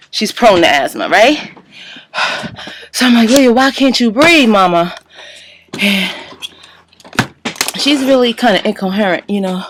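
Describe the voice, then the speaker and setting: A woman casually telling her side of a story, animated, acting out her own quoted lines and swearing freely. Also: mid-range voice, a little hiss or hum.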